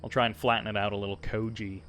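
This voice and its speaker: A man's voice: fairly low pitch, little pitch movement, very fast, fairly bright tone, slight background noise. An American man giving casual, chatty play-by-play commentary on a strategy game, upbeat and self-deprecating.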